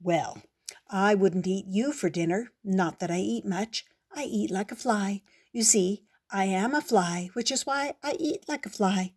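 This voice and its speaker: A woman's voice: mid-range voice, measured pace, darkish tone, close to an everyday voice. Woman doing a chatty male fly, cheerful, dim, storybook, rambling. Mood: chirpy, rambling.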